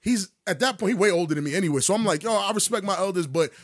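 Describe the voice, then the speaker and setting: A man casually telling a story on a podcast, acting out voices with sudden jumps in pitch and plenty of profane slang. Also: rapid-fire, no echo, studio quality. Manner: animated, acts out dialogue with big pitch jumps.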